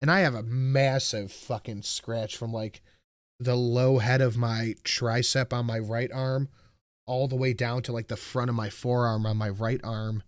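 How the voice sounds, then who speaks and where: A man's voice: mid-range voice, flat delivery, measured pace, no room sound. Rambling, swearing male streamer, dry sound. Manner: rambling, swearing storyteller who reads out chat. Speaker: livestreamer. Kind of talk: casual chat.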